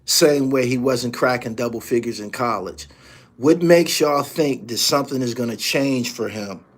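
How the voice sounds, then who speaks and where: A man hosting his own channel, delivering a heated, profane sports rant full of slang and repeated lines. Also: medium pitch. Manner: heated, rapid-fire, repetitive rant with heavy slang. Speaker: host. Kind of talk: profane ranting sports commentary.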